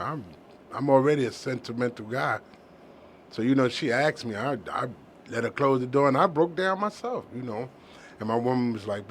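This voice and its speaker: A man's voice: medium pitch, a little hiss or hum. A middle-aged man hosting a heartfelt casual conversation, earnest and sentimental, often restarting his sentences.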